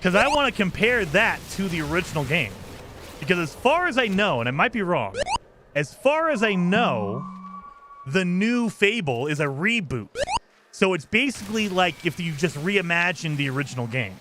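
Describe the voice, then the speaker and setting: Male game streamer, rambling casual chat, highish pitch, very animated intonation. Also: moderate pace, noisy background. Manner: rambling, enthusiastic, thanks viewers for gifts.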